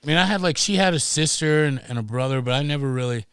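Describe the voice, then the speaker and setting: A middle-aged man telling stories as a podcast guest, animated and profane, acting out voices as he goes. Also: on the high side, fast talker, smooth, dry recording. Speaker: guest, pro snowboarder. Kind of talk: casual storytelling.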